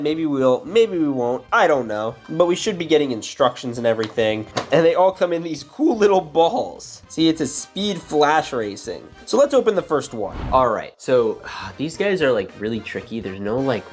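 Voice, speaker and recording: Chatty guy building lego on his channel, voice jumps all over, hyped up. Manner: chatty and excitable, big pitch jumps. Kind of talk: casual building vlog.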